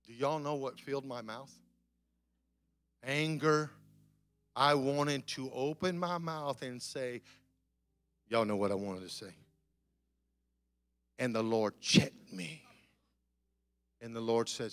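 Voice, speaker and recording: Man preaching a lively sermon. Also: mid-range voice, measured pace, long pauses, faint music behind. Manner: conversational storytelling that swells into emphatic repetition. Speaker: guest preacher. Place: church sanctuary.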